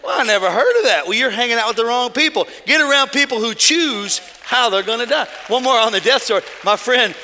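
A middle-aged man preaching a lively sermon, telling stories in quiet asides and then shouting his points. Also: a little fast, hardly any pauses, big-room sound, a little hiss or hum. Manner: storytelling, swings from low asides to shouted preaching. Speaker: pastor. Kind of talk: energetic sermon.

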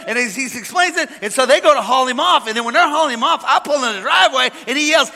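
A man preaching a sermon, telling a made-up parable and acting out the characters with lively energy. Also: very high voice, quick pace, hardly any pauses. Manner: animated storytelling, acting out characters. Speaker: pastor. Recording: long hall reverb.

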